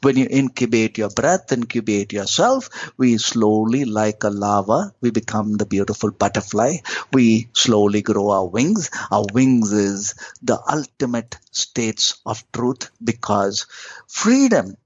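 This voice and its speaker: A middle-aged man, a yogi and spiritual teacher, speaking as a podcast guest, swinging from rising emphatic questions to slow hushed phrases. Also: lowish voice, expressive, no room sound. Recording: dry, dull lo-fi sound.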